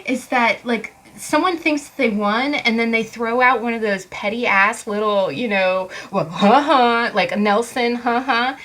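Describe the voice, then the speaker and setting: A woman doing a casual tarot card reading for viewers, animated and sassy, laughing often and cussing freely. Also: mid-range voice, poor audio. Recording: background hiss from mic fault.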